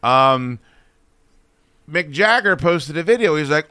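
A male talk-show host rants to his crew in a forceful, bright voice, swearing his way through an animated tirade. The sound is dry and close, with no room in it. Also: on the high side, takes it slowly, pauses often, clean tone, no echo. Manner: profane, animated venting. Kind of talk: casual chat and ranting.

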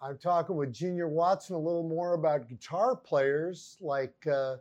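A man hosting an interview, encouraging his guest with quick affirmations and laughter. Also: a little high, a little mellow, muffled recording. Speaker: interviewer host. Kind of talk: interview conversation.

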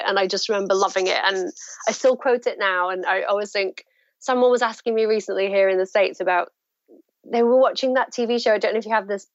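A woman author chatting in an interview, telling stories with lively asides and acting out what people said. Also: mid-range voice, no echo, highs cut off. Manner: animated storytelling, acts out quoted voices.

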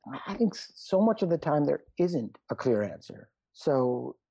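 A man's voice: fairly high pitch, big pitch swings, moderate pace, creaky, dark tone, husky, no room sound. A middle-aged man, a doctor and author, chatting as a guest in a rambling, self-deprecating way. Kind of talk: casual interview chat. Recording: muffled lo-fi sound.

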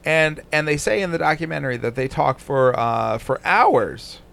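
A man's voice: on the high side, expressive, moderate pace, creaky, a bit bright. Foul-mouthed sarcastic podcast host man. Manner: crude, swears constantly, sarcastic. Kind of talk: casual profane commentary.

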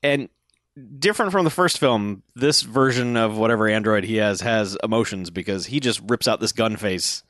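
A man's voice: lowish voice, normal speed, fairly bright tone, dry recording, clean studio sound. A man casually recapping a movie plot as a podcast co-host, laid-back, with short agreements and joking asides.

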